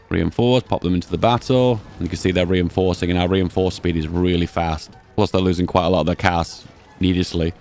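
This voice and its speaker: A man giving casual, chatty commentary while playing a strategy game, thinking aloud and reacting excitedly to how it goes. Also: low-pitched. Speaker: gaming channel host.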